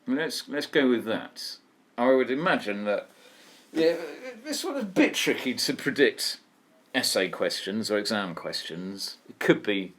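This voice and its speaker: A man's voice: on the high side, a bit bright. A man teaching an online poetry lesson, thinking aloud and asking his students questions. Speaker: English teacher.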